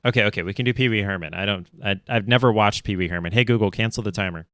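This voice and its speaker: A man's voice: lowish voice, rapid-fire, fairly bright tone, dry recording, clean studio sound. A man streaming casually while he stitches, rambling along with self-deprecating asides. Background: faint lo-fi music.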